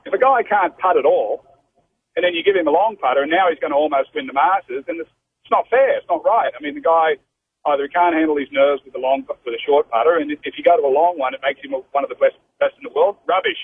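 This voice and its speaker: An Australian pro golfer in his fifties, telling golf stories as a guest on a radio interview, animated and saying "mate" often. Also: a little high, fast. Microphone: telephone. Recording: phone line with faint noise.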